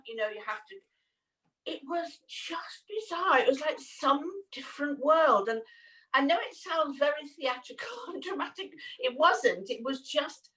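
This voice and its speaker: A woman's voice: fairly high pitch, sharp tone, distant mic, poor audio. A woman co-hosting a casual chat, telling a story with lots of laughter and acted-out voices. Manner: chatty storyteller, laughs often, acts out quoted voices. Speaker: co-host.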